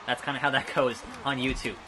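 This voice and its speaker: A man's voice: mid-range voice, flat delivery, fairly quick, noisy background. A man giving chatty, rambling let's play commentary, blurting out move names as he plays a wrestling game. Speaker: gaming video creator.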